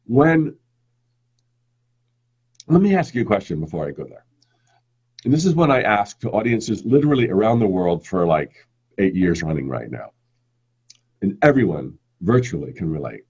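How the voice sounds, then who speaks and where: Husky guy doing a motivational webcam class, stretches words out, kinda muffled audio. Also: low voice. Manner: expressive, swings between emphatic and drawn-out. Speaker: online course teacher. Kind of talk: live-streamed motivational lesson.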